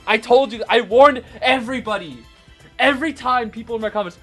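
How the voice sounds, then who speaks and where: A young man casually commenting on a tournament he is watching. He is excitable, uses slang, and breaks into shouts and cries of despair. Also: high voice, a little fast. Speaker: gaming commentator reacting to a tournament. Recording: faint background music.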